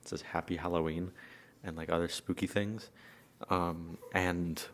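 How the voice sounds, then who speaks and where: A teenage boy on a youth radio team telling a story in a relaxed, halting way with many fillers. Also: low-pitched. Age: teens. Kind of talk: casual storytelling.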